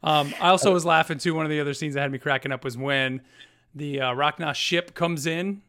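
A man chatting casually as a podcast co-host, animated and acting out quoted lines. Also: a little high, fairly quick, smooth. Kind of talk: casual chat.

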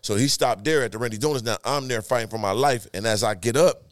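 Podcast guest, male, rapid storyteller, dry close sound, full of sound effects. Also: medium pitch, no echo. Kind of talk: casual storytelling.

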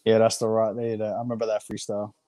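A man's voice: lowish voice, monotone, fast, mellow. A man in casual podcast chat, easygoing and agreeable, chiming in often. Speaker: podcast guest.

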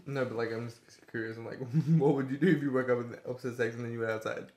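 A man's voice: medium pitch, steady tone, rapid-fire, darkish tone. A man co-hosting a casual podcast chat, teasing and making blunt jokes. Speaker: podcast co-host. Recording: echoey room.

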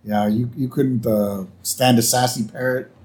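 A man's voice: mid-range voice, steady tone, measured pace, a little mellow. A man co-hosting a podcast, laid-back and chatty, agreeing with lots of "yep" as he recaps an episode. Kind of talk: casual chat.

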